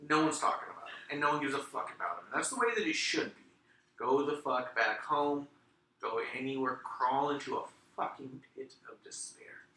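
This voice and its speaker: A blunt, sarcastic man talks wrestling in casual, profanity-laced chat. His voice is very bright and cutting, and it comes from a little way off the mic in an echoey room with faint noise behind it. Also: mid-range voice, expressive, a little fast, far from the mic. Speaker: podcast co-host.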